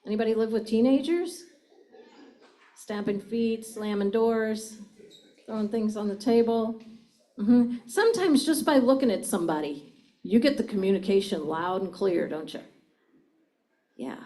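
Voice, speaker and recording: A woman's voice: mid-range voice, a little slow, pauses often, dark tone, low-quality recording. Woman giving an engaging seminar talk. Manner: engaging, asks the audience questions. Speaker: communication trainer. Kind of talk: live seminar talk to an audience.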